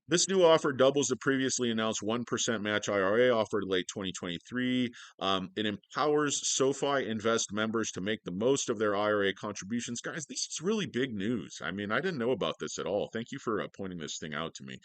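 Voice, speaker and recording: A man's voice: on the low side, expressive, a little fast, fairly bright tone, no room sound. A man hosting a casual stock livestream from his home office, rambling and joking sarcastically with many fillers.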